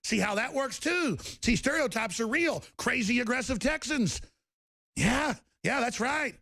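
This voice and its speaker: Gravelly, fired-up ranting male talk host. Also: very high-pitched, expressive, measured pace, bright, forceful tone, dry recording, studio quality. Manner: angry, ranting, repetitive. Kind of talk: political talk show rant.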